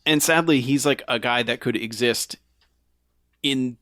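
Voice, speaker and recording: Easygoing podcast co-host, dry sound. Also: male voice, medium pitch, a little slow, sharp tone, no echo. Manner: easygoing, short agreeing replies. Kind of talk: casual chat.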